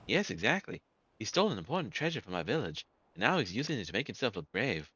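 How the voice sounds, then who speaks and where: A man's voice: on the low side, big pitch swings, quick pace, sharp tone, husky, exaggerated voice. A man doing a stern scolding soldier. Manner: scolding, lecturing. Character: stern self-righteous male soldier. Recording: muffled with faint game music.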